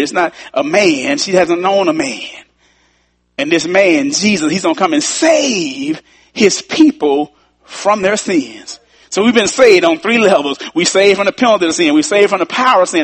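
A man preaching a sermon, repeating key lines, tossing in folksy asides and building up to shouts. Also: high voice, breathy edge.

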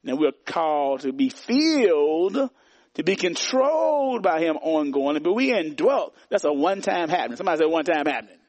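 Pastor guy preaching hard, repeats himself a lot, high voice. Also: very animated, normal speed, no echo. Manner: emphatic, repetitive preaching with call-and-response. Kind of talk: sermon.

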